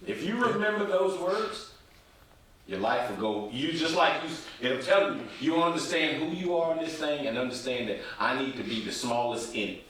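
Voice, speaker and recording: An encouraging man hosts a relaxed chat and drives his points home with emphasis. He sits back from the microphone, and a strong room echo hangs on every word. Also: fairly high pitch, normal speed, slight background noise. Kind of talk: casual podcast chat. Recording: echoey, distant from the mic.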